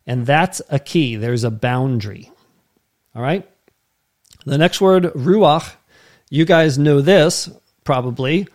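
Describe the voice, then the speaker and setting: A man, a pastor, teaching a Bible lesson in a conversational way, checking in often with "okay?" and slowing down to explain words. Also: medium pitch, darkish tone. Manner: slow emphatic word-by-word explanations.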